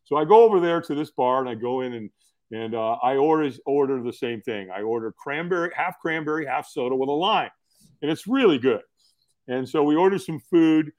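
With a fairly high, slightly mellow voice and lively intonation, this middle-aged man briskly tells his story as a podcast guest. He comes across as earnest and folksy, casual in tone, and repeats words when starting sentences.

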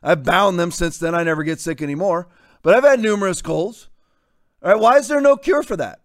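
A man's voice: high voice, fairly quick, no echo, clean studio sound. A man in his fifties hosting a talk show, delivering combative, sarcastic commentary. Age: 50s. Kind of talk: opinionated commentary.

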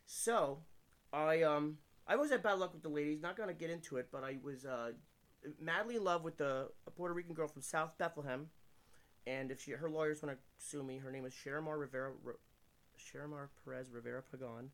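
A man from Pennsylvania tells crude, self-mocking anecdotes at a rapid clip, his voice pitched a little above the usual. He rambles like a comedian guesting on a casual podcast, talking indoors. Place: indoors room.

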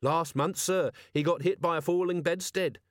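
A man's voice: a little high, steady tone, moderate pace, dry recording, studio quality, voice pushed up, close to an everyday voice. Man voicing an earnest young watch captain. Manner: polite, dutiful, eager.

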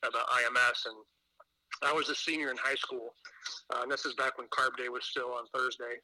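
Bright-voiced man telling rambling stories. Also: mid-range voice, flat delivery, a little fast, no echo, low-quality recording. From Indiana. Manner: rambling storyteller with many fillers and restarts. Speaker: podcast guest. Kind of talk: casual chat.

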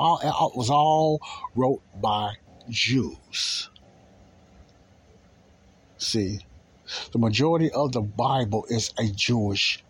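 A man with a husky, medium-pitched voice preaches informally and conversationally, repeating his key phrases and pushing listeners with rhetorical questions. The audio quality is poor.

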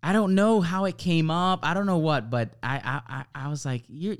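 A man hosting a faith podcast, asking questions and encouraging his guest with quick affirmations. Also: on the high side, vocal fry. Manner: encouraging, lots of short affirmations. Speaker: podcast host. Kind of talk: casual podcast chat.

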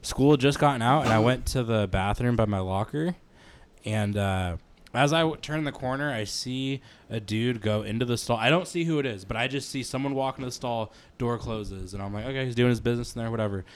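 A young man co-hosting a casual podcast, cracking quick jokes and telling long stories. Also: mid-range voice. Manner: jokey quips, long, detailed anecdotes. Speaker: podcast co-host. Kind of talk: casual storytelling chat.

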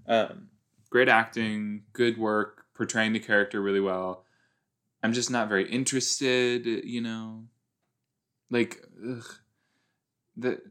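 A man hosting a podcast, reacting casually and with lots of exclamations while watching a TV episode. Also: medium pitch. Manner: exclaiming, chatty, loose and animated.

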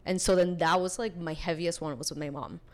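A woman in her twenties, a podcast guest, telling her story in casual, chatty talk full of "like", lively and animated as she retells it. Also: lowish voice, fairly quick. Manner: chatty, peppers speech with "like".

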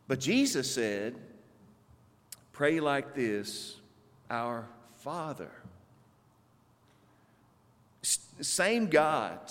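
A man with a Southern US accent preaches from the pulpit in a slow, deliberate cadence, leaning on pauses for emphasis. His voice sits a little high for a man. The sound rings out with the long reverb of a church hall. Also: fairly bright tone. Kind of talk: sermon. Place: church sanctuary.

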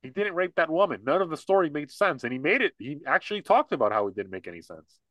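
A man's voice: a little high, sing-song, quick pace, fairly bright tone, no echo. A young man co-hosting a casual political podcast, blunt and rambling. He trips over his words, doubles back and fills gaps with ums. The recording is dry and close, with little room sound. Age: young adult. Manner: blunt, rambling, lots of restarts and fillers. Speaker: podcast co-host.

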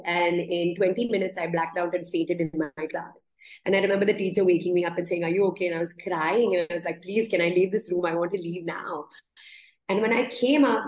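In an interview, a woman who teaches yoga reflects on her life through personal stories, earnest and prone to restarting with a laugh. She has a fairly low, slightly mellow voice, and the poor audio is reverberant; she is a podcast guest.

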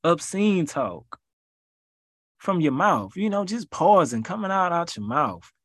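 A man's voice: high voice, sing-song, slow, a bit bright, no echo. Man preaching in a dry voice. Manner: repetitive, rhythmic exhortation in casual slang. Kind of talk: informal preaching to a listener.

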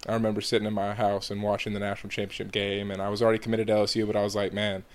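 Young guy from georgia, chill and halting, smooth lowish voice, kinda flat. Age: young adult. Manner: relaxed, halting, many fillers. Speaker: college baseball player, guest. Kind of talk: casual interview answers.

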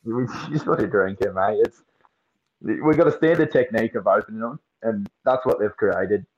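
A man's voice: fairly low pitch, moderate pace, a little mellow, muffled recording. A young Australian man chatting as a podcast guest, swearing freely and telling slangy stories. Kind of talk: casual chat.

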